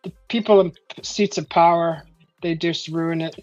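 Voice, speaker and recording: A woman's voice: on the low side, fairly even intonation, normal speed, darkish tone, no room sound. A woman hosting a casual chat, rambling with many fillers and frequent laughs. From California. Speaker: host. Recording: dull lo-fi stream audio with faint music.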